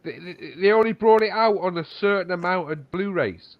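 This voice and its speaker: A man chatting on a live stream, excitable and swearing often as he tells stories. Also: high voice, moderate pace, no echo. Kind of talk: casual chat on a live stream. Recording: dull, lo-fi call audio.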